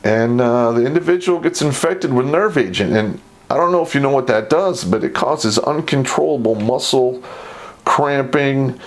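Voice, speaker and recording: A middle-aged man with a medium-pitched voice at normal speed tells army stories in a casual, laid-back, profane way, often laughing as he talks.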